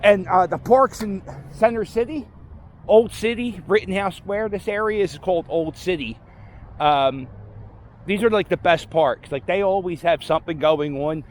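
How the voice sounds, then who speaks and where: Strolling a city street outdoors, a Philadelphia-area man gives a casual walking-tour vlog, rambling offhandedly and correcting himself as he goes. His voice sits high at a normal speed. Faint street noise is audible.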